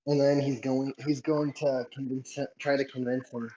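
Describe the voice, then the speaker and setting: A man's voice: medium pitch, little pitch movement, moderate pace, warm tone, lo-fi sound. A man playing a tabletop game, describing his character's actions hesitantly and repeating words as he goes. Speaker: player. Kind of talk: tabletop game role-play.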